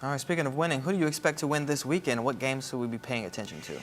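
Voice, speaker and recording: A woman's voice: extremely low pitch, racing, a little hiss or hum. A woman co-hosting a studio interview who asks her guest questions in a direct way. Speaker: co-host.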